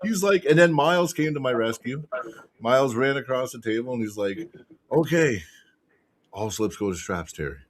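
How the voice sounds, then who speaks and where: A man telling a match story as a podcast guest, excitable and swearing constantly. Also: mid-range voice, moderate pace. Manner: excitable, profanity-heavy retelling. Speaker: podcast guest, arm wrestler. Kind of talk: casual storytelling chat.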